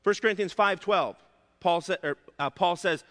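A male pastor preaching a sermon, emphatic and repeating his key points, slowing down to stress words. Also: high-pitched, fairly bright tone. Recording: long hall reverb.

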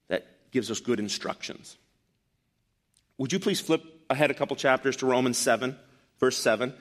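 A man preaching a sermon to his congregation, animated and emphatic, with loud bursts and quiet asides. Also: medium pitch. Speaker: pastor. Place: church.

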